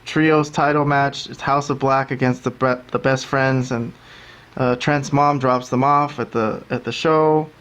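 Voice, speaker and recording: A man's voice: medium pitch, fairly even intonation, a little slow, fairly bright tone, clear, resonant tone. A man hosting a wrestling review podcast, talkative, ranting and mimicking commentators. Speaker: podcast host. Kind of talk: casual wrestling review chat.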